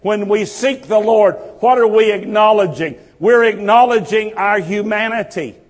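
A man's voice: high-pitched, normal speed, long reverb tail. A male pastor delivering an impassioned sermon with a repetitive preaching cadence.

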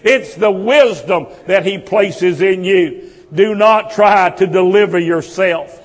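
A man preaches a sermon in a high, ringing voice, taking his time over each phrase. His delivery is impassioned and builds through repeated refrains. The sound carries the long reverb of a church hall. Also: slow pace. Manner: impassioned, repetitive preaching cadence. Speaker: pastor.

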